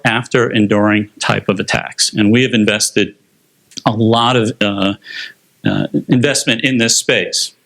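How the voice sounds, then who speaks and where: A man's voice: medium pitch, fairly bright tone. A man giving a conference presentation on technology, explaining slides step by step with frequent fillers.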